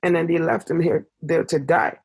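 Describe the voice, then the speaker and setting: Young male guest, gravelly and a bit high, impassioned storyteller, rises when upset. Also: steady tone, normal speed. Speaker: podcast guest. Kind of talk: emotional storytelling in conversation.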